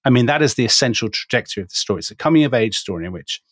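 A man co-hosting a conversational podcast as an author, talking in a teasing, animated way and hedging as he argues his points. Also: medium pitch, very fast, dry recording, studio quality.

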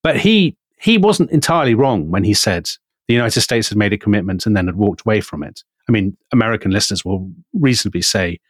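A British man co-hosting a podcast, telling a history story in an animated way. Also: lowish voice, fast talker, hardly any pauses, no room sound. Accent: British English. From Britain. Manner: animated, storytelling, quotes figures with emphasis. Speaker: podcast co-host.

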